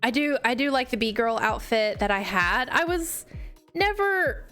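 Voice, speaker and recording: Young woman chatting while she plays, laughs a lot at herself, takes her time, soft music under it. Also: a little high, lively intonation, a little slow. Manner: giggly, self-mocking, laughs often. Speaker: Minecraft streamer. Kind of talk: casual live gameplay chat.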